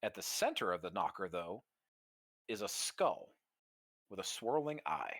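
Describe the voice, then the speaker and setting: Low-ish guy narrating a tabletop game, dry sound, lots of "like" and "just". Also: big pitch swings, unhurried, fairly bright tone, dry recording. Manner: vivid, descriptive, with casual fillers. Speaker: game master.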